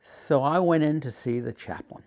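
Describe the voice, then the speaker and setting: An older man telling a personal story, halting with frequent uhs and acting out the people he quotes. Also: a little high. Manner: animated retelling, acts out quotes. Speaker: documentary subject.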